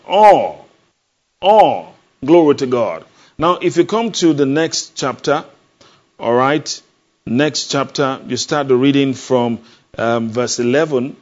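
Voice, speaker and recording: Emphatic male preacher, lo-fi. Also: medium pitch. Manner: emphatic, call-and-response questions, repeats phrases. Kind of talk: sermon. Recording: dull lo-fi sound.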